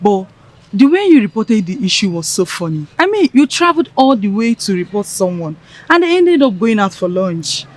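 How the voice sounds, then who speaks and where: A woman's voice: medium pitch, very animated, moderate pace. An actress playing a scheming young woman who leads the plotting, teasing and persuasive. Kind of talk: Nollywood film acting.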